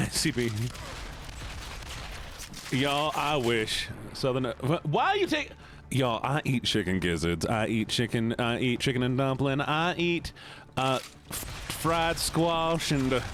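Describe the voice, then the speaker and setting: A man's voice: mid-range voice, takes it slowly, long pauses, background noise. A man streaming casually while gaming, joking around and slipping into a folksy drawl. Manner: jokey, goofy, lapses into a put-on folksy drawl.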